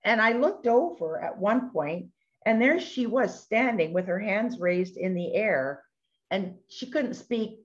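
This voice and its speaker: A middle-aged woman telling a testimony story in an animated way, acting out the voices of the people she quotes. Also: mid-range voice, a little slow. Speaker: ministry speaker sharing testimony. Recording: dull lo-fi recording.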